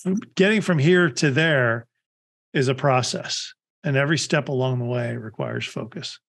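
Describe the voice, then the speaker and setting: A man's voice: medium pitch, moderate pace, vocal fry, fairly bright tone. A middle-aged man hosting a podcast, talking casually and upbeat, often restarting his sentences. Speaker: podcast host. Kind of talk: casual chat.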